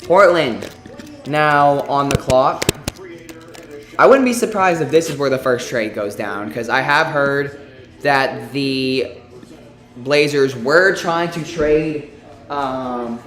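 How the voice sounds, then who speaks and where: A man's voice: medium pitch, slow, fairly bright tone, far from the mic, faint music behind. A man does casual live commentary as host of a sports stream. He hesitates, fills gaps with ums and starts phrases over. His voice sits well back from the mic in a very echoey room. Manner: hesitant, many fillers and restarts.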